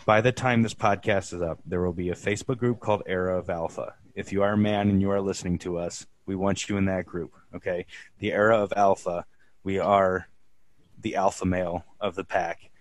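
Deep-voiced earnest podcast host, a man. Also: steady tone, no echo. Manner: earnest, reflective, halting restarts. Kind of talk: casual podcast chat.

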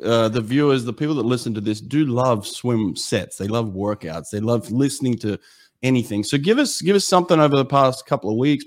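A middle-aged man hosting a casual interview, chatty and joking. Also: medium pitch. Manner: jokey, chatty, laughs easily. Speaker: podcast host.

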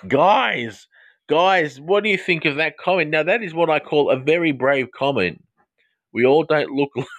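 A middle-aged psychotherapist with an English-Australian accent. He chats with live-stream viewers in a playful, rambling way, full of jokey asides. The recording is close and dry, with an ordinary male pitch. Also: fairly bright tone, dry recording. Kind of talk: live social media chat with viewers.

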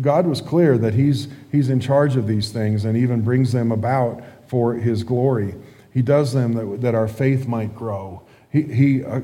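A man preaching a sermon with a mellow, warm tone. He reads scripture earnestly, then talks it through conversationally. The voice rings with the long reverb of a large hall. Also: mid-range voice. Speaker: pastor.

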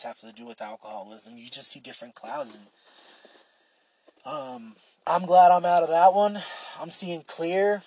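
Young guy rambling on his podcast, swears a lot, kinda high husky voice. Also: darkish tone. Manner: rambling and profane, with frequent fillers and restarts. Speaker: podcast host. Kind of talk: casual solo podcast monologue.

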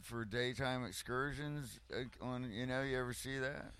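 A man's voice: mid-range voice, moderate pace, fairly bright tone, smooth. A man talking casually as a local guest, laid-back and profane, often ending with "man". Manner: laid-back, swears a lot, drawls "man". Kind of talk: casual chat.

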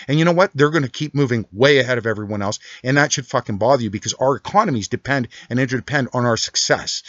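A man's voice: medium pitch, dry recording. A man in a furious, profane, rambling rant, swearing constantly. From Canada. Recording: dull, dry lo-fi recording.

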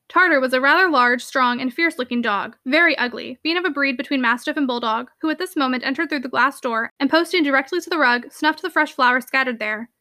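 A woman narrates a classic novel in a brisk, expressive way. Her voice is high and bright, and she moves along at a quick pace. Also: no room sound, clean studio sound. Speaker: audiobook narrator. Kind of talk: reading a classic novel aloud.

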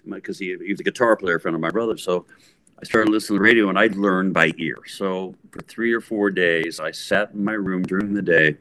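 Animated, bright-voiced older man telling a story. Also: sits low, fairly quick. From San Francisco Bay Area, USA. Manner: animated, acts out voices, lots of fillers. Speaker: guest, rock guitarist. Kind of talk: casual storytelling interview.

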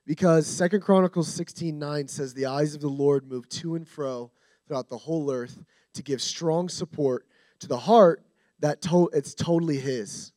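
A man's voice: on the high side, moderate pace, a little mellow, no room sound. A man preaching with confident emphasis and repeated phrases, as a guest speaker. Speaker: guest speaker at a discipleship school. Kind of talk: sermon.

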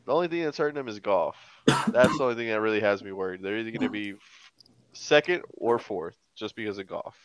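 A man's voice: on the low side, quick pace, clean tone, no room sound. A man co-hosting a sports podcast, joking and giving loose opinions. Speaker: podcast co-host. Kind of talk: casual sports podcast chat.

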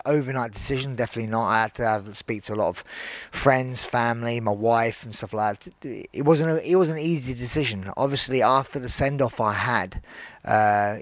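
A man answering interview questions as a guest, halting and searching for his words. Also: medium pitch, no echo. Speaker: guest fighter.

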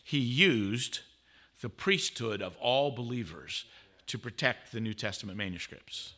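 A man speaking as a guest at a conference, telling a story in an animated way. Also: medium pitch, a little slow. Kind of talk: conference talk. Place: conference stage.

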